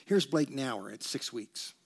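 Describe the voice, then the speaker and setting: A man's voice: medium pitch, expressive, measured pace, creaky, husky. A man preaching a sermon in a church, talking with the congregation, leading them in reciting, and joking along the way. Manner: conversational preaching with humor and call-and-response. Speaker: pastor. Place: church sanctuary.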